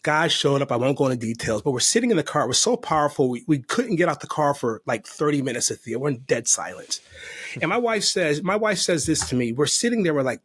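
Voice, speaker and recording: A man's voice: fairly high pitch, lively intonation, quick pace, a bit bright, slightly rough. A man on a podcast as a guest, telling his story of recovery in a heartfelt, faith-filled way. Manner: earnest, heartfelt and emotional. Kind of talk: personal testimony in conversation.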